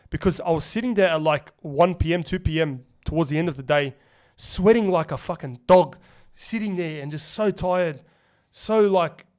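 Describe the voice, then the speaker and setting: A young Australian man hosting a podcast, telling a story in animated, slangy casual chat full of swearing. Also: on the high side. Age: young adult. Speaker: podcast host.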